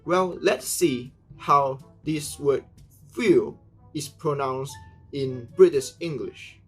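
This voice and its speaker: A young man with a Malaysian accent takes students through a pronunciation lesson. He speaks slowly and carefully and leans hard on each example word, with faint music underneath. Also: mid-range voice, breathy edge. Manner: slow, careful, over-stresses example words. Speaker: student presenter.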